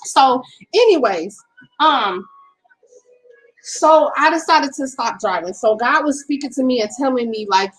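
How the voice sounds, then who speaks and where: Woman, middle-aged, fairly high pitch, earnest, repetitive, casual storytime vlog. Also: animated, unhurried, low-quality recording. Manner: earnest, repetitive, talks straight to viewers. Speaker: vlogger. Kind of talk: casual storytime while doing makeup.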